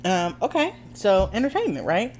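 Young woman co-host who talks in a relaxed, wry way. Her pitch moves freely up and down. A faint hum runs behind her. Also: normal speed. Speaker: podcast co-host. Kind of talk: casual chat.

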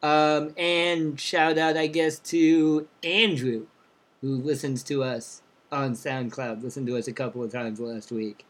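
A young man co-hosting a casual podcast, upbeat as he reads out listener cities and gives shout-outs. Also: mid-range voice, steady tone, unhurried. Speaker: podcast co-host. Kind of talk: casual chat.

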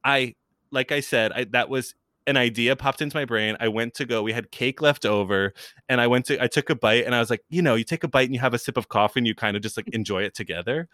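A man's voice: mid-range voice, fast, no room sound. Give me a young man from New York, a comic video creator, talking casually as a guest on a dry, close mic. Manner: chatty and animated, many "like" fillers and restarts, laughs often. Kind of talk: casual interview chat.

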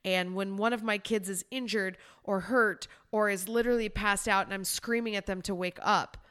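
A woman's voice: mid-range voice, fairly even intonation, normal speed, a bit bright, smooth. A woman podcast host and life coach telling a personal story in a candid, emotional, conversational way.

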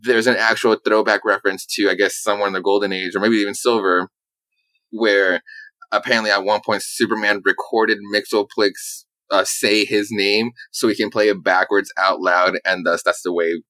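Rambling man with a bright, tense voice. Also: lowish voice, normal speed, no room sound, poor audio. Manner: rambling and animated, lots of "like" fillers and swearing. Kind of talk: casual chat recapping comic books.

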